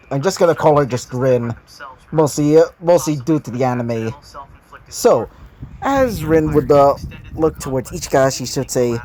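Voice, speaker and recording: A man's voice: a little high, a little mellow. Rambling man reading a fan story. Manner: rambling, often correcting himself mid-sentence. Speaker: fan fiction narrator.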